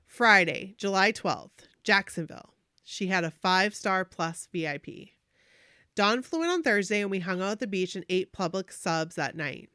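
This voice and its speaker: A woman podcast host reading a listener's fan story aloud, animated and gushing, with emotional asides. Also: medium pitch, normal speed, smooth, no room sound, studio quality.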